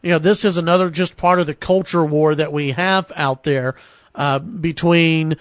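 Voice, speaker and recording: High-voiced male talk radio host. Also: fairly even intonation, dry recording. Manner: brisk, with frequent fillers and restarts. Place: radio studio. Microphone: studio microphone.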